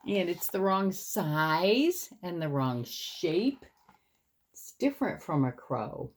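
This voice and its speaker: A woman reading a children's picture book aloud in an expressive way, and then talking about the birds in it. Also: on the low side, slight background noise. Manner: expressive, slow and lively.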